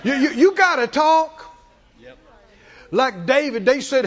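A male preacher with a high, very lively voice, delivering a sermon in dramatic swings between shouting and near-hushed tones. He speaks slowly, and the recording sounds dull and lo-fi.

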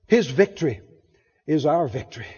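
A man's voice: a little high, lively intonation, normal speed, darkish tone, slightly rough, in a large hall, lo-fi sound. A male preacher delivering an emphatic sermon, calling out to the congregation for responses and acting out voices.

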